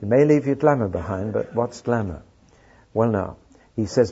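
Husky dark-voiced male preacher, lo-fi. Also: on the low side, lively intonation, moderate pace. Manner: dry humor, storytelling. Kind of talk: sermon with anecdotes. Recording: dull lo-fi recording.

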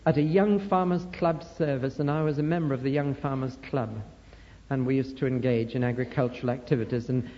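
A man preaching a sermon, telling stories that build to fervent emphasis. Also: medium pitch. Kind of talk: sermon storytelling. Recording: lo-fi recording in a reverberant hall.

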